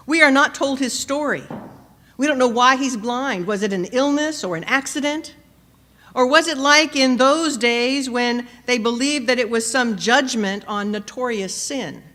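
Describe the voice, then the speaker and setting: A woman preacher delivering a sermon, measured and questioning, rising to emphatic peaks and dropping soft. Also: high voice. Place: church. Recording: long church reverb.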